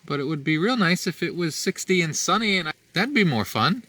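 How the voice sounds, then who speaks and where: A man's voice: on the high side, animated, brisk, bright, forceful tone. A man chatting casually in a cooking vlog from inside his RV, upbeat and laughing often. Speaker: RV vlogger.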